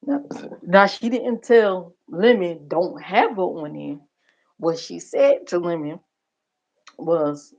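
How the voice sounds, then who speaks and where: A woman's voice: fairly low pitch, slow, gravelly, a little mellow, lo-fi sound. A woman hosting a livestream reaction channel, talking bluntly and profanely in casual commentary. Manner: blunt, profane, gossipy, talks straight to viewers.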